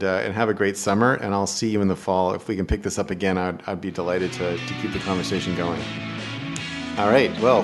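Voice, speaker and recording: A man hosting a podcast in casual interview chat, enthusiastic and emphatic, laughing often. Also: fairly low pitch. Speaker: podcast host.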